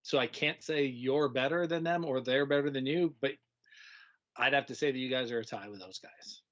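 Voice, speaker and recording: A middle-aged man recalls his teaching years in a loose, animated way, jumping into playful kids' voices and laughing along the way. His voice sits at an ordinary pitch. The recording is a little dull and muffled. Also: normal speed. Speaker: retired teacher, guest. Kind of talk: casual storytelling conversation.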